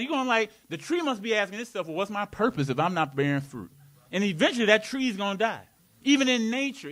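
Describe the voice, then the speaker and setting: A man's voice: high-pitched, a bit bright. A man preaching a live sermon in a community worship hall, playful and laughing, with call-and-response.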